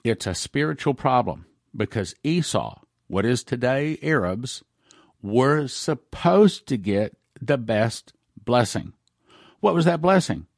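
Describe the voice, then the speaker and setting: This is a man at an ordinary middle pitch, talking through Bible prophecy on his own radio show. He reads the old verses aloud, then explains them in a homespun, emphatic way. The sound is close and dry, with no room around it. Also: lively intonation, takes it slowly, creaky, dry recording. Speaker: radio host.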